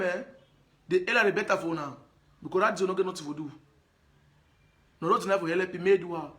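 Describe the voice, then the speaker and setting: A man's voice: high-pitched, fairly quick, pauses often, bright, forceful tone. A man from Anglophone Cameroon with a Cameroonian Pidgin accent, talking to his viewers in a live stream monologue, emphatic and repetitive, often pleading with them. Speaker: live broadcaster.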